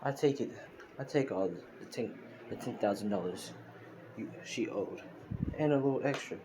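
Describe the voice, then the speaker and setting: A man voicing a menacing male loan shark boss, delivering the threats in a flat, offhand way. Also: fairly low pitch, moderate pace, background noise, close to an everyday voice. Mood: threatening.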